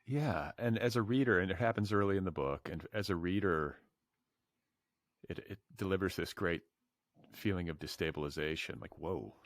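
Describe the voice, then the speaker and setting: A man's voice: low-pitched, normal speed, no echo. A man hosting a podcast, asking questions in a casual, loose way. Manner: casual, uses lots of fillers like "like". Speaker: podcast host. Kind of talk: casual interview chat.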